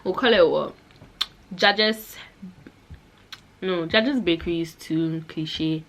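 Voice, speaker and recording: A woman's voice: lowish voice, takes it slowly, a bit bright. A young woman chatting to her camera at home in a casual vlog, giggly and self-mocking. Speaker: vlogger. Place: at home indoors.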